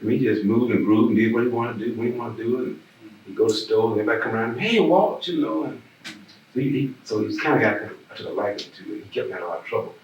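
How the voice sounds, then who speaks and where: Southern man, very low voice, rambling storyteller, echoey room with a distant mic. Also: fairly even intonation, racing, muffled recording, slight background noise. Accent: Southern American. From Birmingham, Alabama. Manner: rambling, repeats words, laughs while telling stories. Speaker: oral history interviewee. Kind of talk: casual storytelling.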